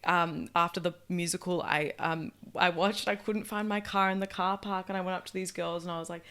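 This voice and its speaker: A woman's voice: fairly low pitch, fairly even intonation, a little fast, a bit bright. A young Australian woman, a comedian guest on a podcast, chatting casually and animatedly, full of "like" and acting out her own quotes. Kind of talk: casual chat.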